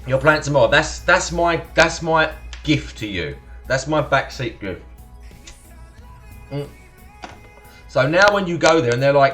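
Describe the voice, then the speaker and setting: A man's voice: on the high side, expressive, measured pace, pauses often, a bit bright. Young essex guy on a live stream, estuary accent, chatty and sweary, faint music behind. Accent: Essex estuary English. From Essex, England. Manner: chatty and swearing, thanking followers, laughs often. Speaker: livestream host. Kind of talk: casual live-stream chat with viewers.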